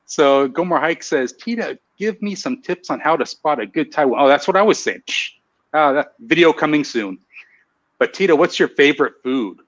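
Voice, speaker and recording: A man's voice: fairly high pitch, expressive, moderate pace, fairly bright tone, lo-fi sound. A man hosting a live online show, chatting casually, laughing at himself and reading out viewer comments. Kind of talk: casual live-stream chat.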